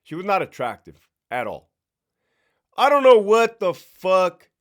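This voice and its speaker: A middle-aged man spins blunt, profanity-laced stories from his prison days, and his pitch rises and falls with lively swings. His delivery is casual, direct and animated. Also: unhurried. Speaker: former prison sergeant telling stories. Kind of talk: casual storytelling monologue.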